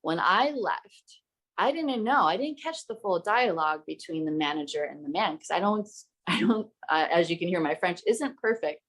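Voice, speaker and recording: A woman's voice: on the low side, expressive, normal speed. A young adult woman hosting a podcast, telling a story in an emphatic, heated way and swearing freely. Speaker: podcast host.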